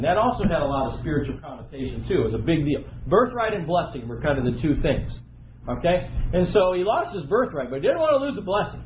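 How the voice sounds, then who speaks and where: Animated male pastor in an echoey hall. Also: on the high side, quick pace, a little hiss or hum. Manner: animated storytelling, acting out the people in the story. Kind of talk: sermon. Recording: dull echoey recording in a large room.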